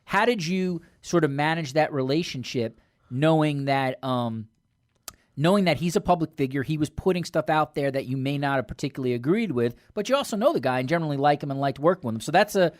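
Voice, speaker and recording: A man's voice: fairly high pitch, lively intonation, brisk, no room sound, studio quality. A male radio host asking long, winding questions that hedge and restart as he goes. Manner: rambling, hedging questions full of restarts. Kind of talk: conversational radio interview. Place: radio studio.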